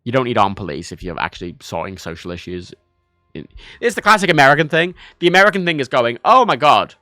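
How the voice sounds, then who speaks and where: Lively, sweary Irish man streaming a game. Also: mid-range voice, fast, no echo, clean studio sound, soft background music. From Ireland. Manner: animated, sweary, rambling. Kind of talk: casual livestream gameplay commentary.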